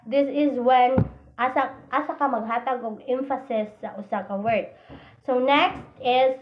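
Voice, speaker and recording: High-voiced Cebuano-accented woman lecturing. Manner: reads out definitions, starts sentences with "so", switches into Cebuano. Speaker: presenter of a phonology lesson. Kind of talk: classroom lecture. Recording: dull lo-fi recording.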